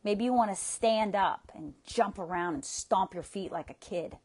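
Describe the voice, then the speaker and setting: A woman's voice: mid-range voice, moderate pace. A woman coach guiding listeners through a tapping session, speaking with soothing guidance and audible sighs between prompts.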